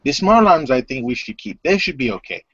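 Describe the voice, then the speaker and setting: A man voicing an old undead male vampire, a creepy foreign gentleman, speaking in a theatrical, sardonic way with broken grammar in a tabletop role-play. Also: medium pitch, very animated, brisk, breathy edge, no room sound. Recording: dull lo-fi recording.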